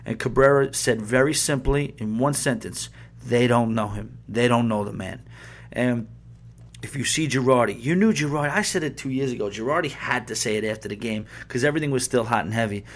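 A man talks through a casual sports podcast in a heated, rambling rant. He swears freely, restarts his sentences and flares up as he argues. His voice sits at an ordinary middle pitch for a man. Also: fairly quick. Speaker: podcast host.

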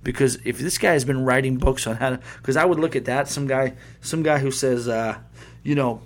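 A man's voice: mid-range voice, brisk. A man hosting a sports podcast, ranting in a heated, profane, rambling way full of restarts and asides. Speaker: podcast host. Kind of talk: casual sports podcast rant.

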